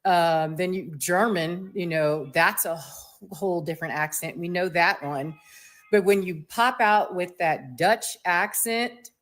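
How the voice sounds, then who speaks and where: A woman from the United States giving a blunt, sassy, slang-filled opinion monologue on her video channel, with quick mocking asides. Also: on the low side, fairly bright tone. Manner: mocks others with quick voiced asides. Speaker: vlogger.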